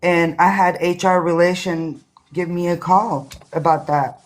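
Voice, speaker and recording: A woman's voice: fairly low pitch, fairly even intonation, measured pace, a little hiss or hum. A woman arguing emphatically as a guest in a casual live debate, often restarting her sentences.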